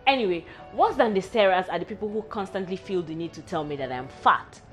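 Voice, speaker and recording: A woman's voice: on the low side, lively intonation, a little fast, faint music behind. A young woman, hosting a candid personal vlog in a frank, wry, self-mocking way. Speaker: vlog host.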